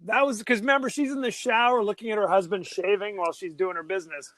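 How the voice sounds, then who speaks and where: A man's voice: high-pitched, fairly even intonation, fast, fairly bright tone, dry recording. A man co-hosting a podcast, chatting casually and jokingly about a horror film, rambling with many restarts. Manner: rambling, jokey, lots of restarts. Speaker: podcast co-host. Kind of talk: casual movie discussion.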